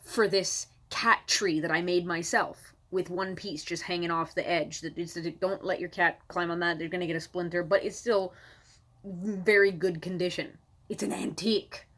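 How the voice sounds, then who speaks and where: A woman's voice: fairly low pitch, normal speed, fairly bright tone. Woman comic from Canada, home-recorded rant, sarcastic, exasperated, swears a lot. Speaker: comedian. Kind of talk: stand-up comedy rant to camera.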